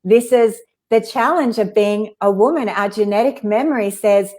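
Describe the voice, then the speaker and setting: A woman's voice: medium pitch, moderate pace, darkish tone. Chatty woman hosting an interview. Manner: chatty, laughs often, says "like" a lot. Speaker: podcast host. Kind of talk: casual interview chat.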